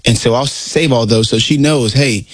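A man's voice: mid-range voice, normal speed, no echo. A man in his thirties, a guest in a casual interview, talking earnestly and acting out the people he quotes. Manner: earnest, animated storyteller who acts out quotes.

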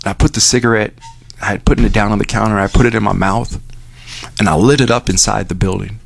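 A man's voice: fairly even intonation, fast talker, vocal fry. A man who works as a radio DJ, speaking from the station studio and telling a personal story candidly, acting out the dialogue in it. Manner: candid storytelling, acts out dialogue with lifted pitch.

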